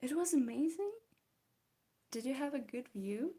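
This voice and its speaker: A young woman chats with her viewers as she draws, answering their comments one after another and breaking into frequent giggles. Her voice sits a little high, with a mellow, slightly husky tone. She talks in an unhurried way. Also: expressive. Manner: giggly, chatty, reads and answers chat. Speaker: streamer chatting with viewers. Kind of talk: casual chat while drawing.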